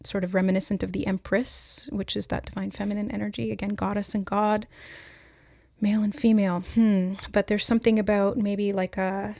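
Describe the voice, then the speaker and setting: A woman giving a spontaneous spiritual reading, musing aloud with hesitant pauses as she relays what she senses. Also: medium pitch, level tone, gravelly, dark tone, no echo. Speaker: intuitive oracle reader.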